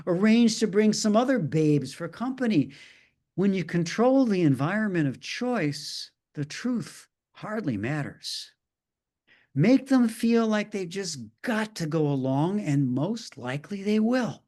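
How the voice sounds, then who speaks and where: A man's voice: a little high, very animated, takes it slowly, dark tone. A middle-aged male minister telling a story in a sermon, with dry, wry asides.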